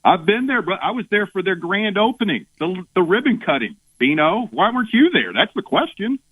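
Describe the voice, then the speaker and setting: A man's voice: high-pitched, very animated, a little fast, fairly bright tone, husky, no room sound, rough recording. A man, a regular on a talk radio show, chatting in an easygoing, plainspoken way. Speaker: radio co-host, regular contributor. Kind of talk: casual talk radio banter.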